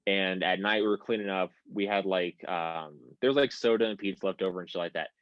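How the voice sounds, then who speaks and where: A young man from the United States tells a long story in a lowish voice, full of restarts and casual swearing. The recording sounds dull and lo-fi with no room echo. It feels like an unpolished podcast mic. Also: brisk. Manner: rambling storyteller, swears freely. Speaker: podcast guest.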